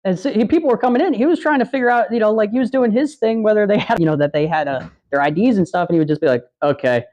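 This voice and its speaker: A man's voice: sits high, animated, very fast, hardly any pauses, a little mellow, highs cut off. A man hosting a livestream, telling rambling, profane anecdotes in a casual chat and acting out the quotes. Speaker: podcast host on a livestream.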